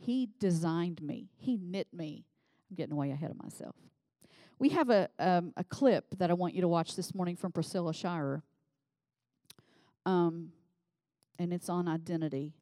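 A woman preaching a sermon in a conversational way, reading scripture and becoming animated as she voices the people in it. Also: lowish voice, normal speed, no echo. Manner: conversational, animated when voicing scripture figures.

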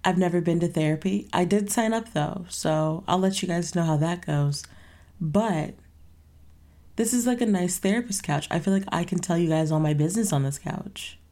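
A woman's voice: lowish voice, normal speed, warm tone. A young woman hosting her own podcast in a casual solo chat, rambling playfully and tossing in sassy asides. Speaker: podcast host.

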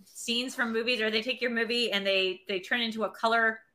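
Woman podcast host, bright and fairly high, casual chatty delivery with lots of fillers. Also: fairly even intonation. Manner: chatty, filler-heavy, quick plugs. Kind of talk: casual chat.

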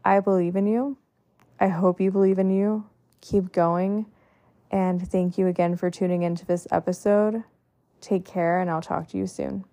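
A woman's voice: mid-range voice, flat delivery, normal speed, dark tone, a little hiss or hum. A woman hosting a podcast, giving a heartfelt motivational monologue in an earnest way, stacking long lists and often saying "like". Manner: earnest, repetitive lists, frequent "like" fillers. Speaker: podcast host.

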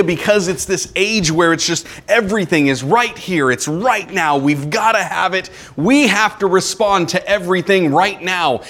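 Pastor guy preaching, fairly high voice, swings up loud then drops real quiet. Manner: animated preaching with acted-out quotes and sudden drops to a quiet tone. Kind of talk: sermon.

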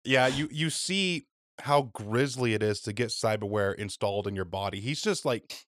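A man's voice: on the low side, lively intonation, normal speed, a bit bright, dry recording, studio quality. A man hosting a podcast in casual chat, laid-back, swearing freely and using many fillers. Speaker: podcast host.

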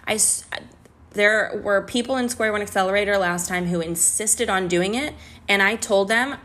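A woman's voice: medium pitch, moderate pace, fairly bright tone. A woman hosting a business podcast, ranting in a heated, exasperated way and swearing as she talks to her listeners. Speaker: podcast host and business coach. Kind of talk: candid business podcast monologue.

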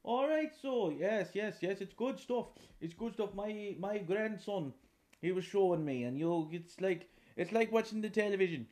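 A man's voice: high voice, animated, normal speed, a little mellow, voice pushed up. A man voicing an old rural Irish farmer with a Northern Irish accent, rambling, crude and bewildered by the internet. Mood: bemused. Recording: roomy echoing room.

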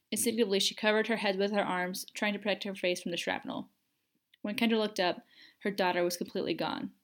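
A woman narrating a fan fiction audiobook at a mid pitch, measured and expressive. She reads with steady storytelling care, letting tension build through her delivery.

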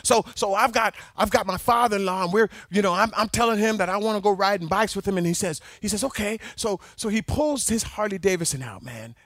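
A man preaching a sermon, telling a personal story in an animated way and at times breaking into shouts. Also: high voice, fairly quick, few pauses, dry recording.

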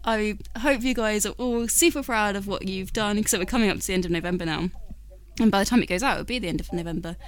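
A woman co-hosting a writing podcast in casual chat, warm and enthusiastic. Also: medium pitch, quick pace. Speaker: podcast co-host.

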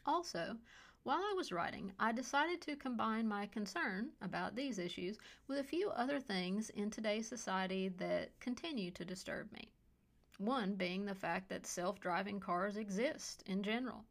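A woman hosting a fiction podcast, introducing and reading a short story in a measured, dry way that often drops to a hush. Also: mid-range voice, lively intonation, gravelly. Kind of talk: scripted story narration.

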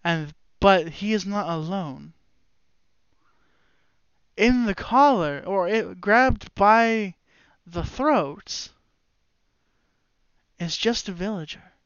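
A game master narrating a tabletop game, halting and full of restarts. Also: mid-range voice, expressive, clean tone, no echo, highs cut off.

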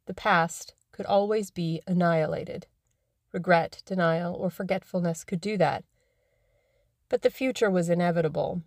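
A woman narrating a classic novel in a measured, even way, as scripted audiobook narration. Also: lowish voice, dry recording, clean studio sound.

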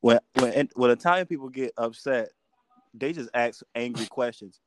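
A man co-hosting a casual podcast chat, joking and trash-talking in an animated way. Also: medium pitch, moderate pace, background noise. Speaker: podcast co-host.

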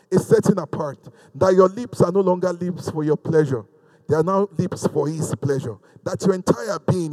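High-voiced pastor preaching. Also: male voice, warm tone, big-room sound, low-quality recording. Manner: preaching with call-and-response and scripture reading. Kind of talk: sermon.

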